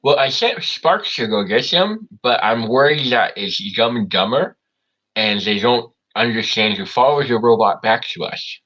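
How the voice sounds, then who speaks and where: A man's voice: medium pitch, lively intonation, moderate pace, sharp tone. A man playing a tabletop role-playing game, laying out plans in a scheming way. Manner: scheming, suggests blowing things up. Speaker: player. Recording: dull lo-fi audio.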